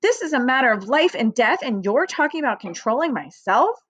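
A woman voicing a passionate eight-year-old farm girl who pleads in a high, emotional voice. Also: big pitch swings, brisk, fairly bright tone, dry recording, full character voice. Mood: pleading.

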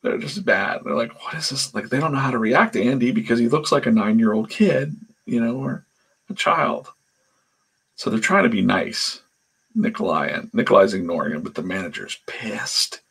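Medium-pitched and expressive, this man's voice is creaky and fairly bright with a breathy edge, at a normal pace. He chats casually as he draws comics on a live stream, telling meandering stories and voicing their characters.

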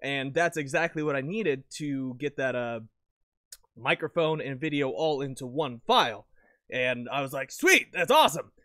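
A man talking casually about his recording setup into a lavalier mic at home, rambling and correcting himself with sudden bursts of excitement. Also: medium pitch, normal speed, no room sound. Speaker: video creator. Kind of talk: casual gear talk to camera.

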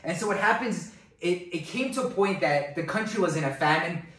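A man preaching a sermon in an animated way, often adding "right?" to his points. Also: high voice, fairly quick. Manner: animated, acts out quoted voices with many "right?" tags. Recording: echoey hall, voice from far off.

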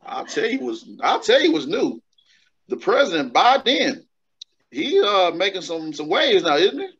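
Man, casual podcast co-host, drawling, lively pitch, slightly higher voice. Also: a little slow, slightly rough. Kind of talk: casual chat. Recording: dull lo-fi sound.

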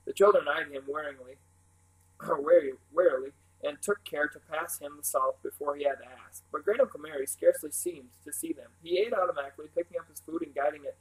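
A man's voice: a little high, a little fast, poor audio. A man reading a novel aloud in an unpolished way, stumbling now and then and correcting himself. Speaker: reader.

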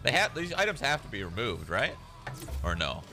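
A man's voice: medium pitch, huge pitch swings, moderate pace, bright, forceful tone, soft background music. A man streamer ranting sarcastically to his chat. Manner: sarcastic, complaining.

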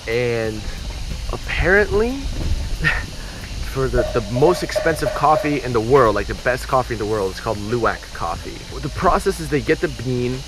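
A young man in a casual travel vlog, talking to a handheld camera as he goes, swearing often and ranting in a rambling, excitable way. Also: mid-range voice, normal speed. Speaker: travel vlogger. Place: outdoors and in cafes while traveling. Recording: noisy outdoor camera audio.

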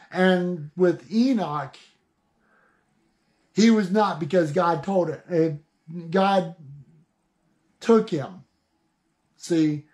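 Slow, halting man preaching on scripture. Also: high-pitched, a little mellow. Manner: slow, halting, with many restarts and "see". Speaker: online Bible teacher. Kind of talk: informal Bible reading and preaching.

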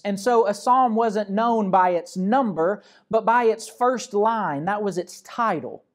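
A man from Arkansas, a pastor, giving a measured, reflective sermon and patiently explaining scripture. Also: high-pitched.

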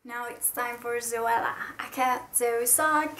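A woman's voice: fairly high pitch, fairly even intonation, unhurried, bright, forceful tone, a little hiss or hum, poor audio. A young Italian woman with an Italian accent, chatting eagerly and self-deprecatingly in a casual explainer vlog. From Italy. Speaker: YouTuber.

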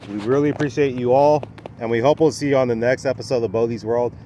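A man's voice: medium pitch, fairly even intonation, fast, dark tone, slight background noise. A man talking casually to camera outdoors at a dog park, rambling with plenty of fillers and "anyhow".

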